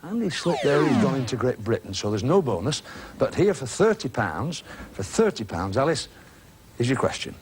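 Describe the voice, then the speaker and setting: A man's voice: medium pitch, big pitch swings, normal speed. A man hosting a TV game show, teasing contestants with chummy banter in a studio before an audience. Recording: 1980s broadcast with studio audience and hiss.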